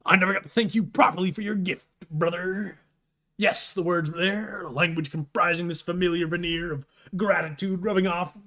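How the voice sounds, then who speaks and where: A man playing a pompous young woman as a loud, boastful pro wrestler who drawls and tacks "brother" onto his lines. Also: high-pitched, fairly even intonation, moderate pace, pitched above the performer's own voice.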